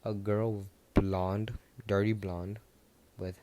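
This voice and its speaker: A man's voice: low voice, moderate pace, warm tone. A young man casually improvising a fan story, rambling with many restarts and asides.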